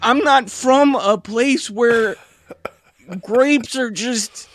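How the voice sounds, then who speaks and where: A man co-hosting a podcast, telling a long comic story in a halting, rambling way that keeps circling back on itself. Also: very high voice, fairly even intonation, a bit bright, no echo. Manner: rambling, halting, self-interrupting. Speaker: podcast co-host. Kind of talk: casual comedic storytelling.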